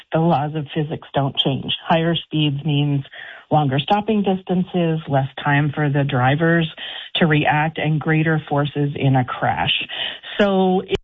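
A woman calling in to a radio show, explaining her concern in a measured way. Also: deep voice. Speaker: caller. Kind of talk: radio call-in comment. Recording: tinny phone line.

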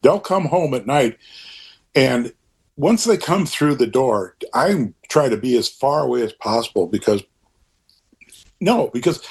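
An older man speaks in a relaxed interview conversation, his voice husky with a breathy edge. He rambles earnestly, stacking up thoughts and throwing in lively asides as he goes. His pitch sits in a middling range for a man.

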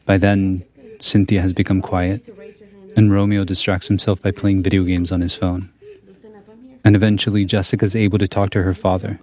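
A man narrating a documentary report as the reporter, in a measured, calm storytelling manner. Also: low voice. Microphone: studio voice-over mic.

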